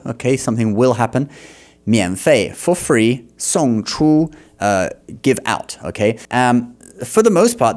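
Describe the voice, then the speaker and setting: A man gives language-teacher commentary in a reaction video. He breaks the lines down and repeats words slowly to model them. He checks in often and laughs easily. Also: medium pitch, darkish tone. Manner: frequent laughs and checking "okay?".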